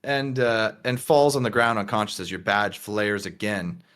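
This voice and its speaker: A man's voice: on the low side, fairly even intonation, moderate pace, a bit bright. A patient male game master. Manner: patient, explanatory, breaks into voices. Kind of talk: narrating a tabletop game.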